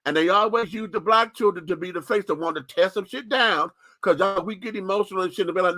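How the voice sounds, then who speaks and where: A man's voice: high voice, fast, few pauses, pushed and bright, no echo. A man hosting a radio show, giving a candid, profane, sassy opinion monologue with lots of emphasis.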